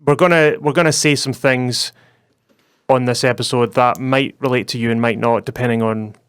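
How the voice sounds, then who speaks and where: A young Scottish man chats on a podcast in a loose, rambling way and laughs easily. His voice is smooth and clean. The sound is dry and close, with no room around it. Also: medium pitch, steady tone, a bit bright, dry recording. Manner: chatty, rambling, quick to laugh. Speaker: podcast co-host. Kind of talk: casual podcast chat.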